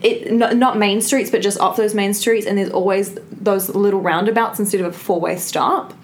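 A woman telling a story in casual chat, animated and emphatic, swearing freely. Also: medium pitch, normal speed, slight background noise. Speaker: co-host.

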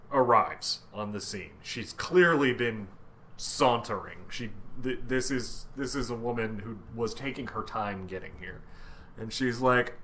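A man co-hosting a casual comic book podcast, retelling the plot with energy and acting out the characters' lines. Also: on the low side. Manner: animated storytelling, acting out quotes. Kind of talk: casual recap chat.

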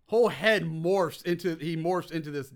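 A man co-hosting a casual podcast, adding quick asides and laughing along while they recap a movie. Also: fairly high pitch. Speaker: podcast co-host.

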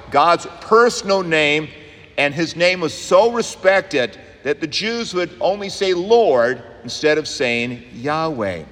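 A man, a pastor, preaching an earnest sermon in a church, rising and quickening on key points. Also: a little high, a bit bright. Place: church sanctuary. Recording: long church reverb.

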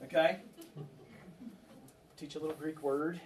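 A man preaching a sermon in a church, his voice sitting a little higher than most men's. He talks to the congregation in a conversational way, throws questions at them and repeats key phrases to drive them home. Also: fairly even intonation, a little slow, a little hiss or hum. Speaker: pastor.

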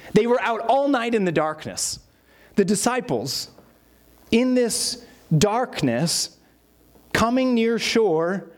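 A man, a pastor preaching a sermon and telling stories with acted-out quotes. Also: high-pitched.

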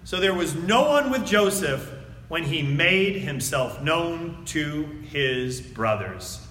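Male pastor, high bright voice, preaching in a reverberant church hall, dramatic swings from loud to hushed. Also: expressive, takes it slowly. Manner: swings between loud emphatic reading and hushed near-whispers. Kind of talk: sermon with scripture reading. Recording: echoey hall.

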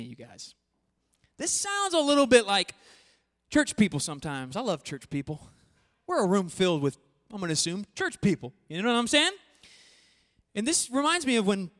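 A pastor preaching a sermon to a congregation, talking animatedly and swinging between quiet passages and loud emphatic bursts. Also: mid-range voice. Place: church hall before a congregation. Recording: long echoey hall reverb.

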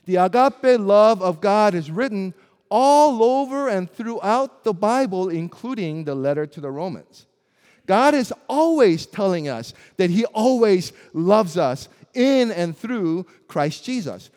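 A man's voice: sits high, animated, a little slow, darkish tone. A man whose first language is Korean, preaching a sermon in an earnest, emphatic way and building through lists of rhetorical questions. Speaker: pastor. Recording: long hall reverb.

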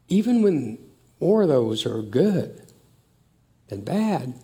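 An older man talks through family memories in an unhurried, reflective way. His voice is mellow and dark, and he takes his time. He sounds moved as he tells the stories. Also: medium pitch. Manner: slow, warm, emotional storytelling.

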